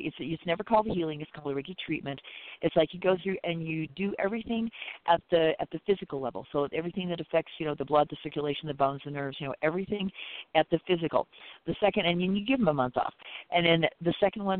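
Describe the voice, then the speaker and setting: A man's voice: on the high side, no room sound. A man, a Reiki practitioner, chatting on a radio show in a loose, rambling way, filling his talk with "you know" and "it's like.". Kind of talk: casual radio chat. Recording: tinny phone line.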